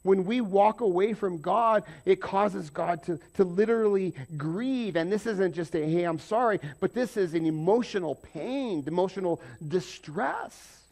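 A man preaching a conversational sermon, jumping from loud emphatic bursts to quiet asides. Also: high-pitched, measured pace, creaky, few pauses. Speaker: pastor.

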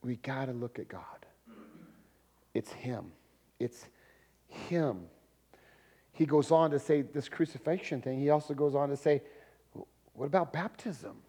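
A man preaching a sermon in a lively, conversational way, with laughs and sudden loud emphasis. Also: mid-range voice, measured pace, long pauses. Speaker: pastor.

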